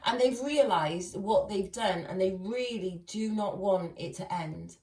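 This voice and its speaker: A tarot reader speaks in an unhurried, slightly mellow mid-range voice, chatting casually and laughing frequently with her audience. The mic sits far from her in a room with echo.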